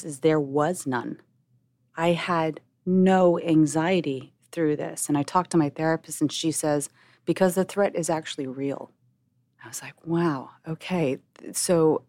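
A woman's voice: sits low, a little mellow. A middle-aged woman hosting a podcast, speaking in an open, reflective and chatty way. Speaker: podcast host. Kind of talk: candid personal talk.

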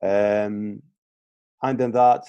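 Low, mellow man on a remote call. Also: little pitch movement, very slow, clear, resonant tone, dry recording, muffled recording. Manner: hesitant, many restarts and repeated words. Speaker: guest fitness coach. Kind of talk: casual podcast interview. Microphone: remote call, line breaking up.

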